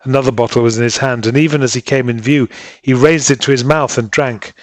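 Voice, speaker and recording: A man narrating a story as an audiobook reader in a steady, measured way. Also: medium pitch, no echo. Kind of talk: scripted narration.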